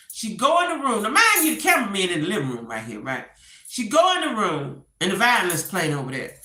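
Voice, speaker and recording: In a reverberant space, a woman with a medium-pitched voice dishes out casual gossip at a moderate pace. She tells the story with animation, acting out each quote as she goes.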